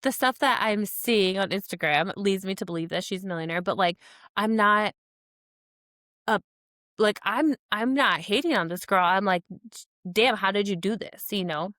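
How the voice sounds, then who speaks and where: A woman's voice: mid-range voice, normal speed, a bit bright, no echo, clean studio sound. Rambling woman podcast co-host. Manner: rambling, many "like"s and restarts, laughs between thoughts, nosy teasing. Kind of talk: casual chat.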